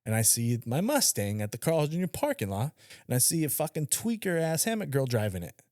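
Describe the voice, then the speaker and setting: A man's voice: on the high side, fairly quick, no echo, clean studio sound. A man co-hosting a podcast, telling stories in a casual, profane chat and acting out the quotes. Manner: animated storyteller, acts out quotes, swears freely. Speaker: podcast co-host.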